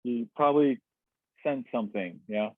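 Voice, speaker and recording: A man with a mid-range voice tells his own story, candid and reflective, pausing on fillers and restarting his sentences. The sound is tinny and phone-like, completely dry, captured over a video call. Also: medium pitch, no room sound. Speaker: webinar guest. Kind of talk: personal storytelling. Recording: tinny dry webinar audio.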